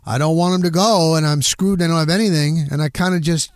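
A middle-aged man hosting a podcast, telling a story in a casual, animated way and punching it up with quick sound words. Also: on the high side, no echo, clean studio sound. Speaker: podcast host.

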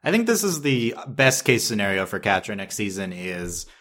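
A man's voice: fairly low pitch, very animated, normal speed, a bit bright. A man co-hosting a podcast in casual chat, rambling and restarting his sentences and laughing often. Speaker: podcast co-host.

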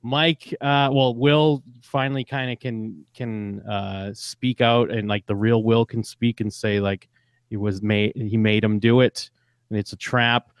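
A man's voice: on the low side, fairly even intonation, measured pace, smooth, no echo, clean studio sound. A man co-hosting a podcast, retelling events in a loose casual chat full of fillers. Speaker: podcast co-host.

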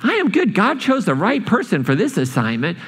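A man voicing the prophet Jonah as a self-satisfied, bitter man, jumping high in pitch. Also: fairly quick, breathy edge, full character voice. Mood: smug. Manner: high-pitched and excited in bursts. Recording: long hall reverb.

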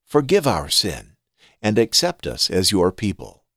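A man reading the words of Moses, an earnest leader pleading with God, in a measured scripture reading. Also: on the low side, wildly swooping pitch, a bit bright, no room sound, studio quality, full character voice.

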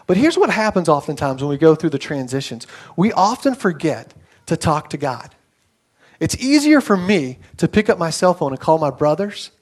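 A man's voice: a little high, sing-song, normal speed. A young adult man preaching a sermon in a conversational way, telling stories with acted quotes. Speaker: pastor.

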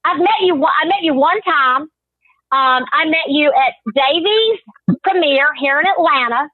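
A woman's voice: sits high, a little slow, dry recording. A woman co-host chatting casually and telling a story, often repeating her phrases as she goes. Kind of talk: casual chat. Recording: dry, tinny phone-like line.

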